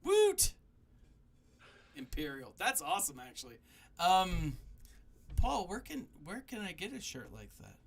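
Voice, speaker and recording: A young man hosting a casual review chat, animated and laughing, with lots of fillers like "um" and "like". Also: high-pitched, moderate pace, vocal fry, slight background noise. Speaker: podcast host.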